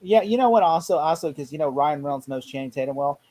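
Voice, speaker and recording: A man chatting casually about a movie, excitable and quick to act out quotes. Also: a little high. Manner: fast, excitable, acts out quotes. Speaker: podcast co-host.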